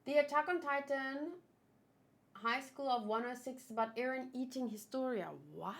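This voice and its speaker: A woman hosting a manga read-along, chatting casually with quick, giggly asides. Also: high voice. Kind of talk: casual chat and reading aloud.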